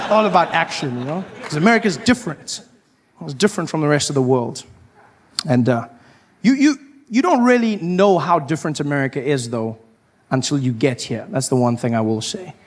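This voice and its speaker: A man performing a stand-up comedy routine, animated, slipping into shouted high voices for the characters he acts out. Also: a little fast.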